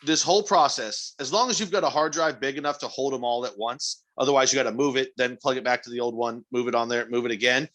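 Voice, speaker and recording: Blunt man with a bright, forceful voice. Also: mid-range voice, steady tone, fast, hardly any pauses. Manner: blunt, crude joking. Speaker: podcast co-host. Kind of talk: casual chat.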